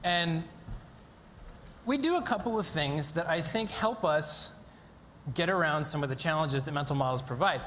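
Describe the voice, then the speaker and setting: An eager man explains his work from a lecture stage, his somewhat high voice full of ums and quick restarts. His voice rings through a long hall reverb, over faint background noise. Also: fairly bright tone. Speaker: conference speaker. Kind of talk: live stage talk explaining a demonstration.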